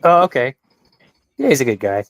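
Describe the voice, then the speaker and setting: A man joining a casual panel chat as a guest, chatty and quick to laugh. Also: mid-range voice, big pitch swings, no echo.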